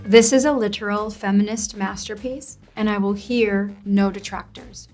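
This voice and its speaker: A woman's voice: mid-range voice, steady tone, moderate pace, a little mellow, faint music behind. A woman actor in an interview, earnest and heartfelt, sometimes repeating words in her eagerness. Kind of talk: casual interview chat.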